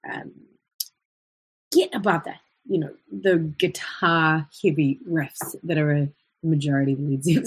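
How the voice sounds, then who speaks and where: A woman's voice: fairly low pitch, darkish tone, husky. A woman with an Australian accent teaching a live online singing lesson, chatty and breaking into short vocal demonstrations as she explains. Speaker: voice coach.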